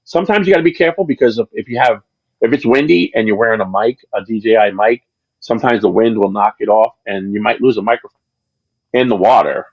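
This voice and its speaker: A man's voice: lowish voice, fast talker, husky, no echo, highs cut off. A man being interviewed about his channel, chatting casually on a livestream and telling long, rambling stories with many restarts. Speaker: channel creator, interview guest.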